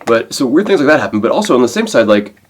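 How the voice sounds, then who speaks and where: A man's voice: medium pitch, rapid-fire, breathy edge. A young man chatting casually to camera in his vlog, rambling and telling stories with lots of fillers and restarts. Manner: rambling, animated storytelling with many fillers and restarts. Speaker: vlogger.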